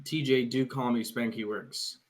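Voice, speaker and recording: A man's voice: mid-range voice, steady tone, unhurried. A man joining a casual podcast chat, speaking in a goofy, playful way.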